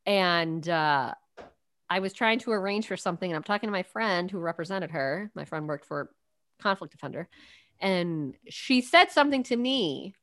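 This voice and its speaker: A woman's voice: on the low side, lively intonation, moderate pace, fairly bright tone, no room sound. A woman co-hosting a podcast over a video call, telling stories in a chatty way with plenty of ums. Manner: chatty storyteller, lots of ums and uhs. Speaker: podcast co-host.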